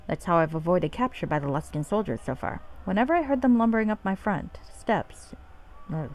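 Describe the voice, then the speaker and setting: Old blind ex-smuggler, sly and proud, read plainly by a woman, lowish pitch. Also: a little mellow, natural voice. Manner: plain read-aloud dialogue. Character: poor old blind man, former smuggler.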